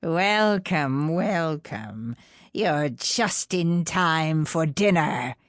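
A crafty old witch who drags out every word and cackles with menace, hungry and sly, as a woman reads her in an audiobook. The voice sits low and dark, and the recording is dry and close. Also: expressive, no echo, exaggerated voice. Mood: sly welcome. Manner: slow, drawn-out, cackling menace. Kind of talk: audiobook character voice.

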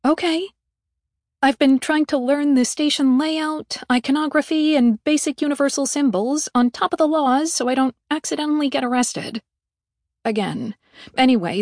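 A woman's voice: high voice, a little mellow, no echo, clean studio sound. A woman playing a brash, sarcastic heroine. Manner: blunt, snappy and sarcastic. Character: brash, impatient young woman on a space station.

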